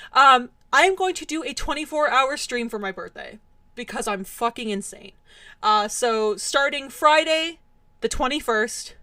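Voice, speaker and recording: A young woman streamer chatting with her viewers, mock-angry and exasperated, her voice hoarse and cracking from yelling. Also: high voice, no room sound, clean studio sound. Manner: mock-angry, exasperated, laughing rants at chat. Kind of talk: casual live-stream chat with viewers.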